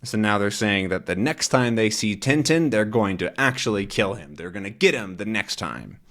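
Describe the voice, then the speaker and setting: Relaxed man explaining a comic. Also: lowish voice, normal speed. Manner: relaxed and chatty, with frequent fillers. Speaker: English teacher. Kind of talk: explaining a comic for English learners.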